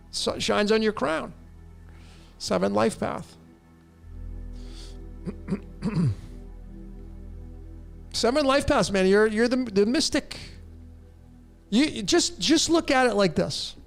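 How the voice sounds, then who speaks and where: A man with a high, gravelly voice speaks to his listeners in a blunt, insistent way and presses every point home. He answers viewer questions about numerology in a long monologue. Faint music plays behind him. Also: lively intonation, slow, pauses often. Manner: blunt, emphatic, addresses listeners directly.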